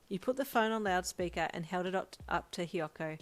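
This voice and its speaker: A woman narrating a second-person fanfic story in an expressive, lively manner. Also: lowish voice, brisk.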